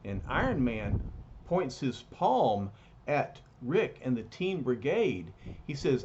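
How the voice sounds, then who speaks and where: A man reading a comic book aloud, animated and pointing out the pictures, in a dull lo-fi recording. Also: mid-range voice, slow, slight background noise. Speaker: storyteller.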